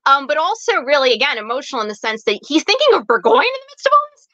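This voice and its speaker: A woman's voice: high voice, sing-song, quick pace, pushed and bright, no echo, lo-fi sound. A young adult woman from the United States, a guest author retelling a historical story with dramatic flair and frequent fillers.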